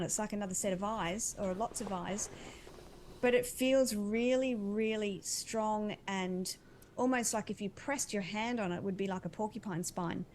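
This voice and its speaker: Woman, medium pitch, earnest, dreamy, slow-winding speech, faint background ambience. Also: a little hiss or hum. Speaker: animal communicator. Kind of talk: describing intuitive visions.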